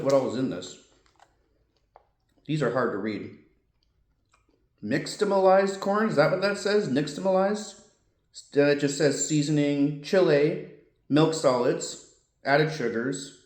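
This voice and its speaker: A man's voice: on the high side, echoey room. A man reviewing snacks and drinks in a casual vlog, chatty and thinking aloud, often correcting himself. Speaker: food reviewer.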